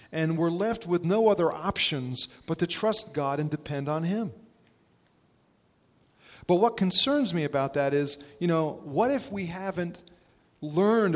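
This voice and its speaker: A man's voice: a little high, long reverb tail. A male pastor preaching a sermon in a conversational, storytelling way, with plenty of fillers and restarts.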